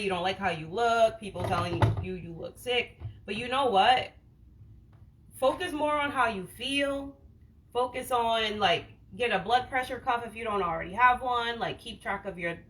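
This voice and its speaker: A woman from Boston talks straight to her viewers in a loose, slangy livestream chat, peppering everything with "like" and dropping the occasional swear. Her voice sits at an ordinary middle pitch. A faint noise hangs behind her, as from a phone mic in a home kitchen. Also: a bit bright, low-quality recording. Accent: Boston, without the stereotypical broad vowels. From Boston, USA. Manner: frank and slangy, many "like"s, swears casually. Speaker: wellness livestream host. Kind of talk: casual livestream chat answering viewer comments.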